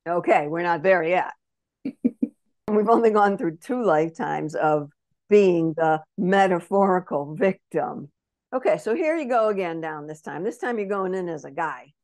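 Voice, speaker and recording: A woman with a lowish voice gives a spiritual reading and tells it as a lively story. She keeps acting out little quoted voices and keeps asking whether her listener follows. The sound is close and dry, with no room around it. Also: a little slow, dry recording. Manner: animated storyteller who acts out quotes; checks in with the listener often. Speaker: spirit messenger, podcast guest.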